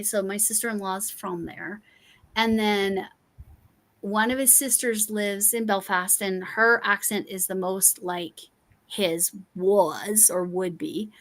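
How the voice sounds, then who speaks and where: A woman from Colorado hosting a casual crafting livestream, rambling with many restarts and fillers. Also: mid-range voice. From Colorado, USA. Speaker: livestream host. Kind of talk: casual chat while crafting.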